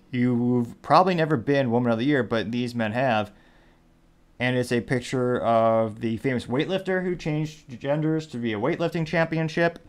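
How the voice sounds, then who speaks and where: A man's voice: mid-range voice, smooth. A man hosting a commentary show, reading social media posts and memes aloud with wry, rambling asides. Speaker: host.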